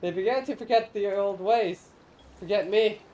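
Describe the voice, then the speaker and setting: A woman's voice: mid-range voice, normal speed, dark tone, natural voice, poor audio. Woman voicing an ancient, mournful corn spirit. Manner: archaic, solemn, theatrical speech. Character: ancient lonely corn spirit, grandiose and sorrowful. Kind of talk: reading game dialogue aloud on stream.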